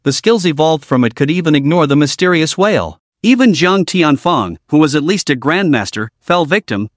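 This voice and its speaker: Man narrating a story recap with lively pitch. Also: dry recording, studio quality.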